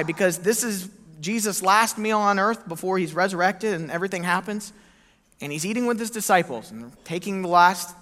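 A man preaching a sermon as pastor, telling the story in an animated way and acting out the quoted lines. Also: sits high. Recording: echoey hall reverb.

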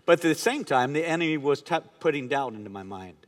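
High-voiced pastor preaching in a reverberant hall. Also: male voice, lively intonation, fast talker. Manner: earnest, swings from hushed to rising emphasis. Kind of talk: sermon.

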